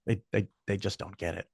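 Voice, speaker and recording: A man's voice: low-pitched, normal speed, vocal fry, slightly rough, dry recording, clean studio sound. An older man, a podcast guest, telling stories in casual chat with frequent swearing and quoted voices. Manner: profane, animated anecdotes with quoted voices.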